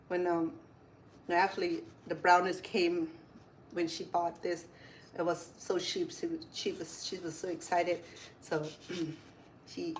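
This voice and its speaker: A woman's voice: on the low side, a little hiss or hum. A middle-aged woman chef chatting through a casual cooking demonstration, wandering into stories and correcting herself as she goes. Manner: chatty, rambling, corrects herself mid-sentence.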